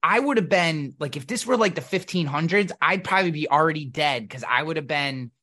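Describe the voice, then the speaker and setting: A man on a podcast, telling blunt, profane stories in a casual, animated way. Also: on the high side, a little fast. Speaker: podcast guest. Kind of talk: casual conversation.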